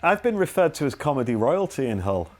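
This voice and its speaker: A playful English man co-hosting a podcast, with a lively, widely swinging pitch. He teases and laughs easily. His tone stays light and jokey. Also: brisk. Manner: playful, teasing, laughs often. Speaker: podcast co-host. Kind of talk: casual podcast chat.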